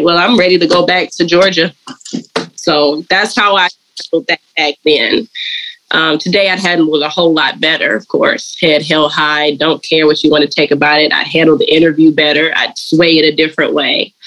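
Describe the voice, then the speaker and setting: A woman, a dog groomer and colorist, telling her story in a casual interview and slipping into lively voices when she quotes people. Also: lowish voice, rough recording. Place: lives and works in Atlanta.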